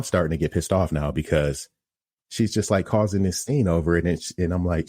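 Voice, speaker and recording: A man with an extremely deep, low voice tells a story in a relaxed, conversational way. He is candid and self-critical as he talks through his own mistake. The sound is dry and close, with no room around it. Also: a little fast, breathy edge, no room sound. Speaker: podcast host and pizza restaurant operator. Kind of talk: casual storytelling monologue.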